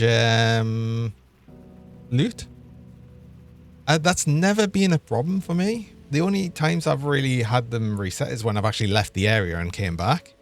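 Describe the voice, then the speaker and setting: A young man, chatting and laughing as he streams a game. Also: medium pitch. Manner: chatty, laughs often, thinks aloud. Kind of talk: live gameplay commentary.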